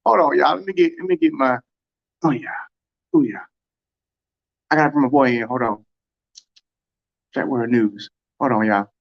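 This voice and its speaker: A man hosting a casual livestream from home, telling a story and acting out quoted dialogue with big pitch swings. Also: moderate pace, gravelly, pauses often, lo-fi sound. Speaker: track and field livestream host.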